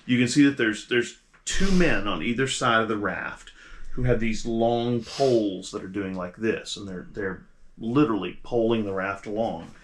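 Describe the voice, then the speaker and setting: A man narrating as game master of a tabletop game, in a halting way with many restarts. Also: lowish voice.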